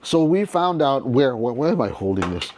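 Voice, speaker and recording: A man's voice: mid-range voice, big pitch swings, moderate pace, darkish tone. A man hosting a casual toy unboxing review, chatty and enthusiastic, talking straight to his viewers with frequent restarts.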